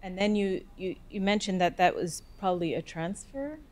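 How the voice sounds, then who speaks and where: A woman's voice: mid-range voice, lively intonation, normal speed, darkish tone. A woman in a lecture audience asking short clarifying questions and checking her understanding with "right?". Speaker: audience member. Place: lecture hall.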